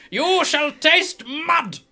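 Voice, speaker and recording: A man's voice: very high-pitched, pitched above the performer's own voice, heavily acted. A man voicing a scrawny, boastful male dwarf wrestler who bellows his battle cries. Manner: loud blustering battle cries.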